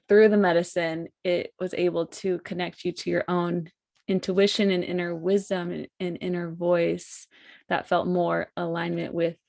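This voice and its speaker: Even-toned, dry-sounding woman podcast host. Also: on the low side, vocal fry, no room sound. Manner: soft, affirming, reflective. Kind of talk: casual podcast conversation.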